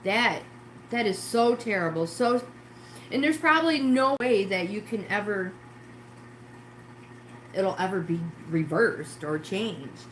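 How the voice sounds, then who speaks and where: This middle-aged livestream host from New York State talks slowly with long pauses, her medium-pitched voice fairly bright and lively, while she cleans her home kitchen and exclaims to herself. It's a rambly, casual chat with viewers, captured with an echoey kitchen sound and slight background noise.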